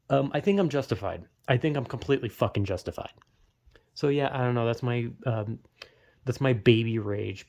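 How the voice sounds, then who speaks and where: Man ranting angrily about a video game. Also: medium pitch. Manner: angry, swearing rant with sudden loud outbursts. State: headache. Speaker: gaming vlogger. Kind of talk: ranting vlog monologue.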